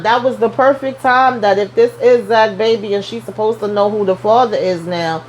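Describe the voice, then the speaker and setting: A woman's voice: mid-range voice, moderate pace, few pauses, a little hiss or hum, poor audio. A young adult woman hosting a casual TV recap vlog, chatty and sassy with lots of slang asides. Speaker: TV show recap host.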